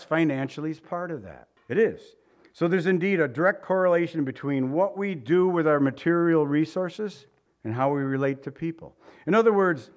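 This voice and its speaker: A man preaching a sermon in a conversational way, asking the congregation rhetorical questions and stumbling over his words now and then. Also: on the high side. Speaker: pastor.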